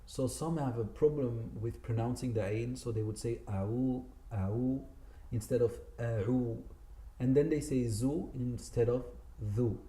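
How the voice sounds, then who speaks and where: This medium-pitched, mellow voice moves fairly quickly with few pauses through a spoken Quran recitation lesson. Set in an echoey community centre room, the man patiently fixes common mistakes and draws out the words he models.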